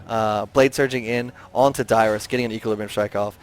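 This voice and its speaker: A tired man giving play-by-play esports commentary, getting excitable and high in big plays. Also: a little fast, a little hiss or hum.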